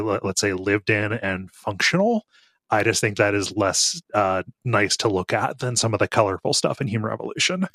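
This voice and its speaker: A man co-hosting a podcast in casual game review chat, relaxed and thoughtful with brief hesitations. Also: lowish voice, dry recording, clean studio sound. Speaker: podcast co-host.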